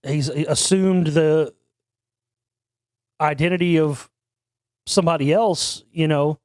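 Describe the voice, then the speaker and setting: A man's voice: fairly high pitch, fairly even intonation, takes it slowly, a little mellow, no room sound, studio quality. A man hosting an internet talk show, telling a long story in a rambling, casual way with frequent restarts and casual swearing. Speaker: podcast host.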